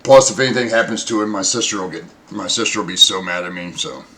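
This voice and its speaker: A man voicing a gruff middle-aged ship bosun who scolds his crew. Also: lowish voice, fast, sharp tone, a little hiss or hum. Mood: dismissive.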